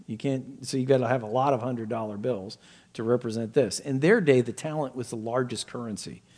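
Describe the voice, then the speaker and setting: A male pastor preaching a sermon, explaining scripture verse by verse and acting out the quoted pleas with sudden rises in pitch and volume.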